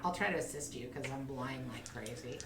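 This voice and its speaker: A woman's voice: rumbling low, fairly quick, heavy background noise. A woman playing a tabletop game, breezy and joking. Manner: breezy, joking, laughs often. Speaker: player. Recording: echoey room, off-mic.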